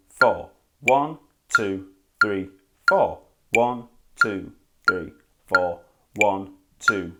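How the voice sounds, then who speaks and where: A man gives an online bass lesson in a friendly, explanatory way. His pitch moves around a lot as he talks. He counts beats aloud to show the rhythm. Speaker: bass teacher.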